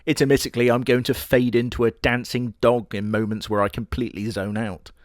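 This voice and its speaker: Sardonic man narrating anime recaps with crude humor; medium pitch, dry closely miked read. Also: little pitch movement, a little fast, no echo. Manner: sarcastic, crude, mocking asides. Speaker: anime reviewer. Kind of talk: comedic anime commentary.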